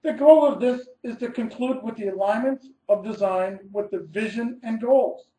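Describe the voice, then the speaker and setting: A man's voice: very high-pitched, normal speed, mellow, echoey room, rough recording. A man, an architect, giving a scripted webinar presentation, reading methodically through numbered steps and stressing key words.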